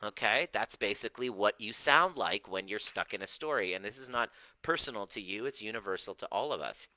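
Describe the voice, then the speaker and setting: A middle-aged man talking straight to viewers as a coach, animated and emphatic. He slows down on key words to drive them home. His voice is bright and forceful, recorded close and dry. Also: lowish voice, no echo, low-quality recording. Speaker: personal growth coach. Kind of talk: direct-to-camera coaching talk.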